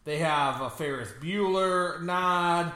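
A man's voice: on the high side, takes it slowly, bright, forceful tone, reverberant. A man co-hosting a podcast, reviewing a movie in casual, joking and rambling chat. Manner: joking, rambling, laughs often. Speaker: podcast co-host.

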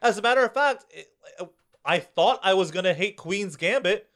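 A man with a notably high voice chats on a podcast. He gushes about things he loves, loose and rambling, dropping in casual curses. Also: lively intonation, moderate pace, fairly bright tone. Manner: enthusiastic, swears freely, lots of "like" fillers. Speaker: podcast co-host. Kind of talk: casual chat.

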